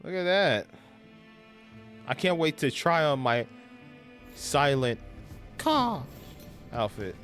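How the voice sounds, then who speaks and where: A man giving casual commentary over his own gameplay, playful and prone to joking. His pitch swings widely while he talks at an unhurried pace. Faint music runs behind him. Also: big pitch swings, fairly bright tone. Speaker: gaming streamer.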